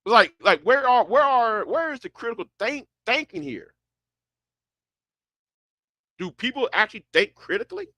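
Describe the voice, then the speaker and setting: A man's voice: very high voice, big pitch swings, moderate pace, pauses often, bright, forceful tone, dry recording. A man chatting casually and rambling, often stumbling and restarting his words, with a broad sound. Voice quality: stammering, many restarts. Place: Houston, Texas.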